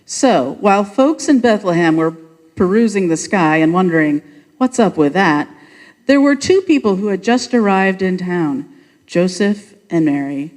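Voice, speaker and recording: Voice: medium pitch, lively intonation, normal speed, darkish tone, long reverb tail. A leader narrating and directing an unrehearsed church pageant, coaxing the congregation along. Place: church sanctuary.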